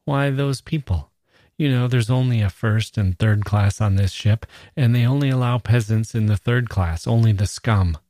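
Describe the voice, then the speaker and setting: A man's voice: lowish voice, moderate pace, warm tone, no echo, clean studio sound, close to an everyday voice. A man voicing a sickly, bitter educated passenger who declaims with heavy irony. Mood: sardonic. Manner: ironic, declaiming.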